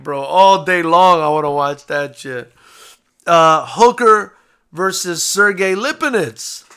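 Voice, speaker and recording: A man hosting a live post-fight boxing reaction stream, chatting casually, getting excited and swearing freely. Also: on the high side. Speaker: boxing show host.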